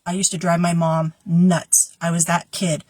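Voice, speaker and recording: A woman's voice: lowish voice, flat delivery, measured pace, a little mellow, no echo. A woman hosting a casual spiritual guidance talk, chatty and prone to tangents. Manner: chatty, tangents, laughs easily.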